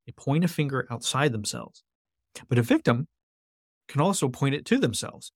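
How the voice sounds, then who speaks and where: Man guest on a podcast, earnest, keeps repeating his point, mid pitch, dead dry sound. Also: lively intonation, moderate pace, darkish tone, dry recording. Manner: earnest, explanatory, repeats key phrases. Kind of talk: conversational interview.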